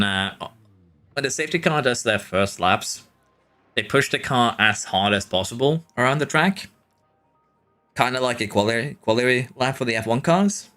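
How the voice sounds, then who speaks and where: A man's voice: mid-range voice, bright, forceful tone. A Norwegian man, a streamer, chatting casually with his live audience while playing, answering chat and chuckling often. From Norway.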